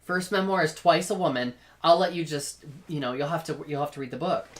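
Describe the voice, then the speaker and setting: Low voiced woman on a podcast, chatty and laughing a lot, storytelling. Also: brisk. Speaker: podcast co-host. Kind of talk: casual chat.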